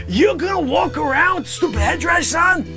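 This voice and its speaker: A man voicing a brash, grumbling middle-aged guy from the Bronx, rambling complaints and bursting into shouts. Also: very high-pitched, animated, measured pace, voice pushed up, exaggerated voice. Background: music.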